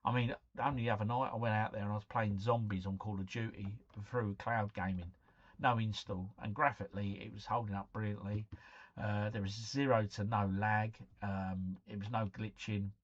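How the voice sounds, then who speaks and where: A man's voice: fairly low pitch, fairly even intonation, moderate pace. Chatty man on a slightly dull stream. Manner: chatty, reads out viewers' quiz scores, bursts into bits of song. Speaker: live-stream host. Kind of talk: casual live-stream chat.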